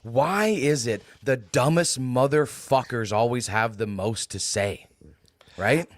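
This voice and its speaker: A man's voice: mid-range voice, takes it slowly, no echo. A man co-hosting a casual live stream, ranting with a profane, contemptuous manner.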